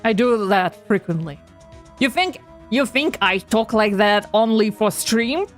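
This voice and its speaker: A woman's voice: medium pitch, measured pace, faint music behind. A woman streamer chatting playfully and casually during a game stream. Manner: playful, giggly. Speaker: VTuber streamer.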